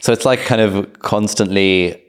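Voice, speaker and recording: A man hosting a casual interview, replying in a relaxed, brief way. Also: fairly low pitch, moderate pace. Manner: relaxed, brief backchannel replies. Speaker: podcast host.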